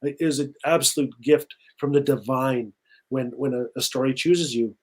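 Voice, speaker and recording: A man's voice: medium pitch, moderate pace. A middle-aged Canadian man, an author, telling a story in a live video conversation and often repeating himself. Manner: warm storytelling with repetitions and acted quotes. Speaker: author guest.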